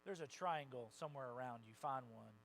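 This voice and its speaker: A man preaching a sermon as a pastor, conversational and animated, acting out the voices of the people he quotes and swinging from soft asides to loud bursts. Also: medium pitch, fairly quick, vocal fry, slight background noise, poor audio. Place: church sanctuary.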